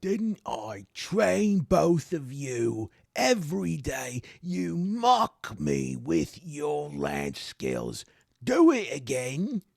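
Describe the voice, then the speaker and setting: A boisterous male knight trainer, loud and theatrical in his praise and scolding, as a man puts him on for a tabletop game. The voice sits well above a man's usual range, with a gravelly edge. It sounds dry and close. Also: a little high, wildly swooping pitch, drawn-out words, no room sound, voice pushed up, exaggerated voice. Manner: exclaiming, hearty and theatrical.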